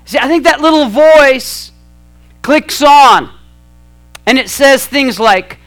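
A man preaching a sermon in a conversational, storytelling way with self-mocking humor, swinging between loud lines and hushed ones. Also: very high voice, lively intonation, slow, faint music behind. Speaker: pastor.

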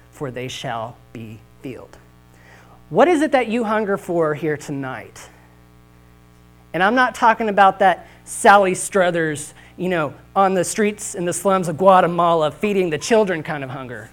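A man's voice: on the high side, poor audio. A man preaching a sermon with humorous, folksy storytelling at a church service. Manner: animated, jokey, folksy.

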